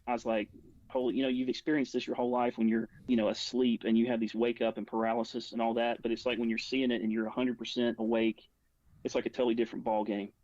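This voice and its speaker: A man's voice: medium pitch, little pitch movement, quick pace, darkish tone, no echo. A man tells a long personal story in a level, unvaried voice. He rambles, leans on "like" and keeps restarting his sentences. The recording is dry and a little dull. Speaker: guest recounting a personal experience. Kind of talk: casual spoken storytelling.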